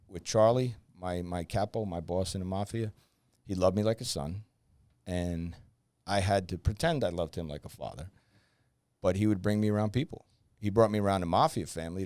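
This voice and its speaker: Man guest, gravelly low voice, dry close mic, animated storyteller who plays the voices. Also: no room sound. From New Jersey. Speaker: podcast guest, former undercover officer. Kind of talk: storytelling in a podcast interview.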